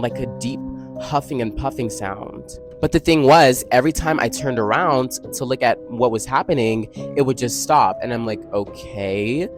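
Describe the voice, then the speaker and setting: A young man in college telling a dramatic storytime vlog, expressive and full of slang and swearing. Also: medium pitch. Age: young adult. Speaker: college student vlogger.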